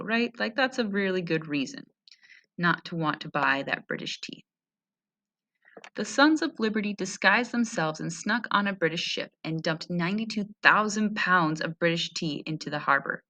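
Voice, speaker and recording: In this read-aloud history lesson, a woman teacher whose voice is fairly low and sharp in tone breaks from the text to comment. She keeps things friendly, tossing rhetorical questions to her listeners.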